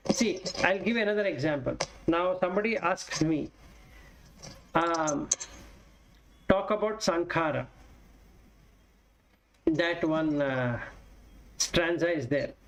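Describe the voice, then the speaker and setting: A man's voice: a little high, a little hiss or hum, low-quality recording. A man giving a Buddhist dharma talk, explaining with everyday examples and chanting Pali verses. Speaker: Buddhist Dhamma teacher.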